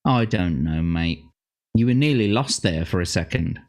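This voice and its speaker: A man's voice: low-pitched, lively intonation, normal speed, a little mellow. A man co-hosting a casual livestream chat, laughing often and swearing freely. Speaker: co-host.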